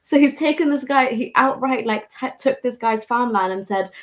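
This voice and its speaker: A woman's voice: on the high side, normal speed. A woman hosting a casual chat, talking in a chatty, mocking way with lots of fillers and laughing often. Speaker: host.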